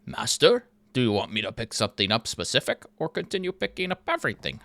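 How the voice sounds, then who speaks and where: A man's voice: mid-range voice, huge pitch swings, fast, a bit bright, no echo. A man voicing a small, obedient helper golem in a game video, speaking in a dutiful, servile way.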